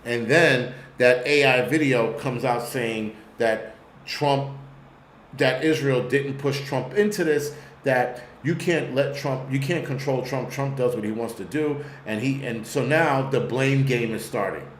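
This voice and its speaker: Unhurried and mid-range, a New York-accented man hosts a live-stream commentary full of blunt, profane rambling. The recording is reverberant and has slight background noise.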